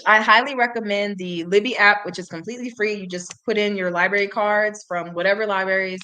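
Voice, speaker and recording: A woman's voice: mid-range voice, a bit bright. Chatty young woman streaming a reading lesson. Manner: chatty, laughs often, says "y'all". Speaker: language-learning streamer. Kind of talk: casual livestream reading lesson.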